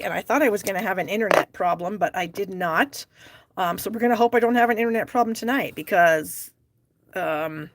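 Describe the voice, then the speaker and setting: Middle-aged woman, live craft-class host, casual and chatty, mid-pitched, laughs a lot while reading comments. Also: fairly bright tone. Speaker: stamping demonstrator hosting a live class. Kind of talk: casual live-stream chat.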